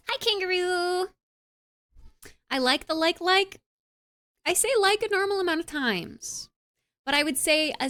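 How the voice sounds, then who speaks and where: Bubbly young woman streamer chatting. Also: on the high side. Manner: bubbly and animated, often says "like". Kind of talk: casual chat, reading and answering live chat.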